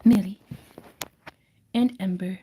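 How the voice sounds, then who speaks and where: A woman's voice: medium pitch, steady tone, slow, mellow, slight background noise. A woman hosting a casual crafting livestream from home, chatting and laughing often as she reads viewers' comments.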